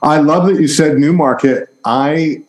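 A middle-aged man from New York hosting an interview, talkative and quick with rambling asides. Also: fairly high pitch, darkish tone, echoey room, poor audio. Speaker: interviewer host. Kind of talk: casual interview chat.

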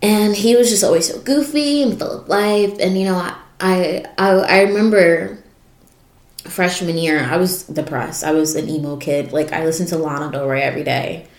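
A woman's voice: lowish voice, normal speed, echoey room. A young woman hosting a podcast, reflecting on her life in an emotional voice that wavers and cracks. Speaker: podcast host. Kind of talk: personal reflective monologue.

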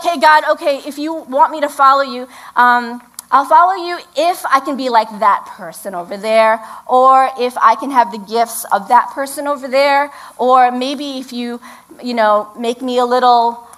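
Middle-aged woman pastor with a high voice; chatty, animated sermon delivery. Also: rough recording. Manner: conversational, acts out imagined prayers with laughs.

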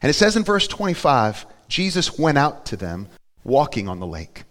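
A male pastor preaching a sermon in a conversational way, asking the congregation questions and building to loud, emphatic peaks. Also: mid-range voice, big pitch swings, normal speed, long reverb tail. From Florida.

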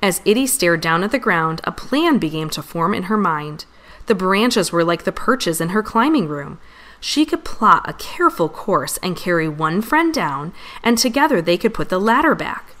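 A woman reads a children's storybook aloud with expressive delivery. Her voice sits a little low yet swings with lively pitch. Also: normal speed. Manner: expressive, animated.

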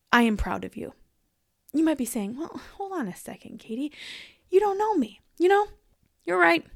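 A woman's voice: a little high, dry recording, studio quality. A woman hosting a podcast, giving an upbeat, encouraging pep talk straight to the listener. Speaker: podcast host.

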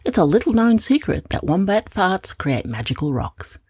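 Woman voicing a sleepy female wombat, storybook reading, drowsy, chatty, slightly husky. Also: medium pitch, very animated, moderate pace, darkish tone, dry recording. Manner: drowsy, chatty, plain-spoken.

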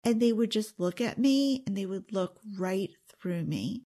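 An earnest woman speaks in an intimate, confiding way, as if talking straight to a friend. Her voice sits at an ordinary middle pitch, and now and then it drops into a soft whisper. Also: animated, unhurried. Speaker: self-help speaker. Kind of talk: confiding direct-to-camera talk.

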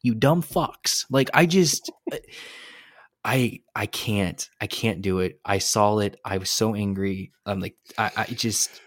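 A man's voice: on the low side, slow, dry recording, studio quality. A man co-hosting a sports podcast who rants in an exasperated, profane way. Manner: animated, exasperated, profane ranting. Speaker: podcast co-host. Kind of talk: casual sports podcast rant.

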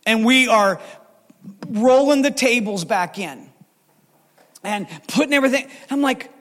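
A man preaching a sermon as lead pastor, animated and storytelling, with acted quotes. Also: very high voice, a little slow, in a large hall.

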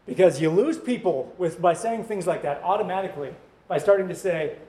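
A man's voice: on the high side, fairly quick, mellow. A male pastor preaching a sermon in a conversational way, with joking asides to the congregation.

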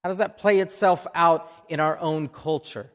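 A man's voice: fairly high pitch, steady tone, moderate pace, long reverb tail. A man with an Oklahoma accent preaching a sermon in a conversational way, often repeating a word as he restarts a phrase. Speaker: pastor. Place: church.

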